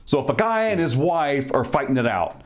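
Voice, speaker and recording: A man's voice: medium pitch, moderate pace. A man, a former police officer and podcast guest, talking casually and acting out the people in his stories with a raised voice. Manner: animated storyteller, acts out quoted people in a raised voice. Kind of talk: casual chat.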